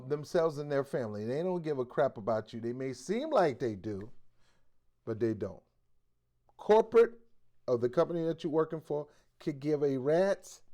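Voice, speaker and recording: A male host with a slightly higher voice delivers preachy commentary. He is blunt and exhorting, and he leans on street slang. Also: darkish tone.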